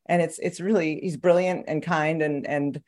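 Lively low-voiced woman who laughs a lot. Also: normal speed. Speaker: podcast guest and author. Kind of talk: casual interview chat.

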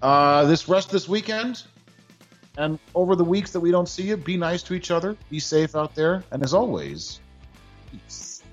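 Sarcastic husky-voiced male podcast host. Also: a little high, sing-song, normal speed, dull audio, faint music behind. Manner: sarcastic, mock-formal award delivery. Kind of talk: casual sports podcast banter.

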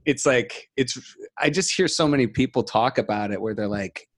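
A man's voice: medium pitch, normal speed, no echo. A man co-hosting a podcast, joking crudely and running himself down in casual chat. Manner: joking, crude, self-deprecating. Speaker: podcast co-host.

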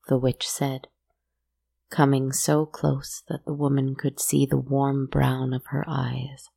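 Slow, gravelly woman storyteller. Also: very deep voice, monotone. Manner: measured, hushed storytelling. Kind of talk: slow dark fairy-tale narration.

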